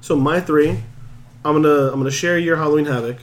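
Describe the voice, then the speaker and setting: A man co-hosting a casual wrestling chat, playful, reacting quickly with mock exasperation. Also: fairly high pitch. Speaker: podcast co-host.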